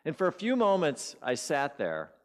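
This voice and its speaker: A man's voice: fairly high pitch, wildly swooping pitch, normal speed. A man giving a sermon as a guest speaker, telling a personal story and acting out his inner voices. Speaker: guest speaker at a spiritual community.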